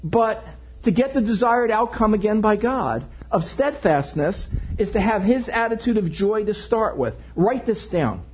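A male pastor preaching a sermon to his congregation, animated and joking in asides. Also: high-pitched, unhurried, a little hiss or hum. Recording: dull lo-fi recording.

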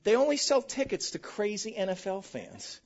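Lively joking woman pastor preaching. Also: mid-range voice, moderate pace, creaky. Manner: animated, joking storytelling addressed to the congregation. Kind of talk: sermon. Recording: muffled lo-fi recording.

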